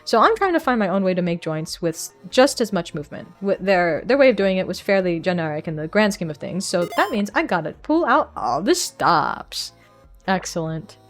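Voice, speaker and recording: A young woman VTuber chatting live with her viewers, excitable, swearing and laughing often, into a desk mic at home. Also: fairly low pitch, normal speed, faint music behind. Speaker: VTuber streamer. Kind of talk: casual live-stream chat. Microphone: desk microphone.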